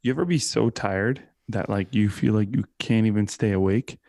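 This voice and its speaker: A man, co-hosting a podcast in casual, animated chat and swearing freely. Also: lowish voice, moderate pace, gravelly, no room sound, clean studio sound. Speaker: podcast co-host.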